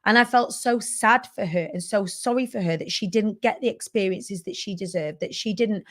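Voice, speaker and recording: Woman hosting her show, chatty and candid, lots of "like" and "right?", swears casually. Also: medium pitch. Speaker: host. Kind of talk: personal storytelling monologue.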